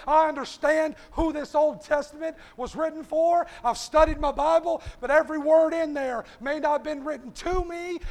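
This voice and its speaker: A fervent preacher with a strikingly high voice, pleading with his congregation and peppering each line with "hey." His voice rings out with a long echo, as if through a big church. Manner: impassioned, repeats "hey" constantly. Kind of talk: sermon. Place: church sanctuary. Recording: long hall reverb.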